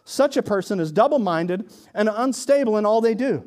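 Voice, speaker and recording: A male pastor preaching a sermon in a conversational way, with sarcastic asides, swinging from hushed lines to emphatic ones. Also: sits high, lively intonation, moderate pace.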